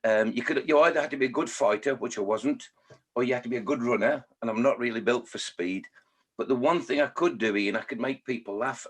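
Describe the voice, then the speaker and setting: A man in his sixties, from Scotland and raised in Staffordshire, tells his life story in an interview. His voice is husky and of middling pitch. He talks in a chatty, self-mocking way. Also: a bit bright. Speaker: children's poet and author.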